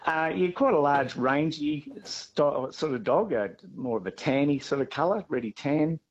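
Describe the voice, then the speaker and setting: A man with an Australian accent, a farmer being interviewed, talking haltingly with many fillers and restarts. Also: fairly high pitch, expressive, husky, highs cut off.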